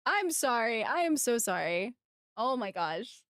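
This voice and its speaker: Excitable high-voiced woman streamer. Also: unhurried, no echo, studio quality. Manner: excitable and gushing, thanking chat. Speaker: game streamer. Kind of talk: casual live-stream chat.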